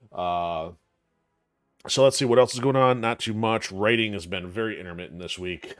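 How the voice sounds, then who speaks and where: A man's voice: fairly low pitch, normal speed, smooth. A middle-aged man from Michigan hosting a live stream in casual chat, rambling and correcting himself with lots of fillers. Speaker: streamer host.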